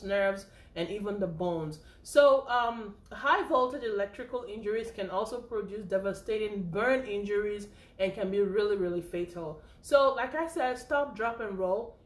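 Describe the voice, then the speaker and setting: A woman teaching first aid in a chatty, informal way, often checking in with "okay?" and "right?". She sounds a little out of breath, and her voice rings in an echoey room at a mid pitch. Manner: chatty, repeats points with frequent "okay?" and "right?". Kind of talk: informal spoken lesson.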